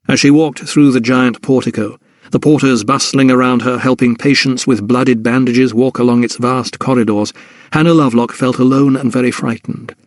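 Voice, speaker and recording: A man with a medium-pitched voice narrates an audiobook, telling the scripted story in an even, measured way. The studio sound is clean, with no room sound.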